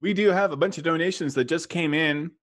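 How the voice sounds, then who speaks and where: A man acting as game master for a tabletop game narrates the setting and reads out donations, chuckling often and stumbling over words as he reads. His voice is fairly high, he talks fast, and there's no room sound.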